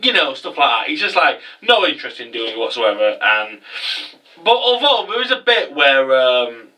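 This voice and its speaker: A man casually recapping an anime episode in a chatty, sweary, animated way. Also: medium pitch, normal speed, distant mic, slight background noise, rough recording.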